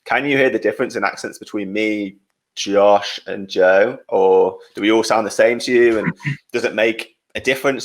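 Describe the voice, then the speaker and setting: A young British man co-hosting a podcast, talking casually and filling his speech with "like" and "um". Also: fairly low pitch. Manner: chatty, fills with "like" and "um". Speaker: podcast co-host. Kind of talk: casual chat.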